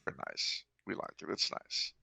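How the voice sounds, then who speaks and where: A man putting on a mild, folksy small-town Minnesota man with a Minnesotan accent, speaking in a hushed, breathy half-whisper. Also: normal speed, dry recording. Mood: placid. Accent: Minnesotan, put on. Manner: placid, understated, self-satisfied.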